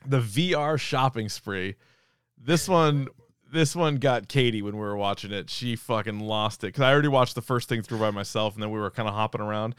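A man co-hosting a podcast, retelling comedy sketches with animated energy and casual swearing. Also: fairly low pitch, brisk, clear, resonant tone, dry recording, clean studio sound. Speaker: podcast co-host. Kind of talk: casual chat.

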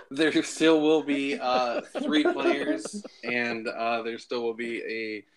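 A man's voice: mid-range voice, lively intonation, takes it slowly, a crowd in the background. Giggly man hosting a tabletop podcast. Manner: laughs often, hesitant with many ums. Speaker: podcast host and player. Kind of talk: casual banter among friends.

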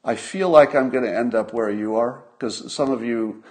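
An older man talks straight to his viewers in a solo commentary, his voice sitting at an ordinary middle pitch. He sounds conversational and a little musing, circling back over his points and throwing out rhetorical questions. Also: moderate pace, darkish tone. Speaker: host of a commentary stream.

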